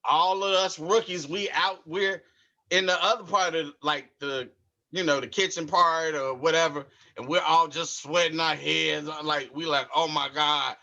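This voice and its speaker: A man's voice: a little high, fairly even intonation, normal speed, creaky, bright, forceful tone. A man, a pro wrestler, telling a casual backstage story in loose, colloquial speech.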